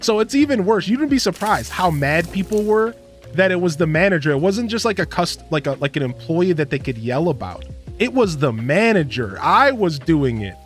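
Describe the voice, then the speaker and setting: A man's voice: a little high, sing-song, normal speed, faint music behind. A man streaming a farming game, rambling through a casual story with lots of fillers and laughter. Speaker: gaming streamer. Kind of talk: casual gameplay commentary.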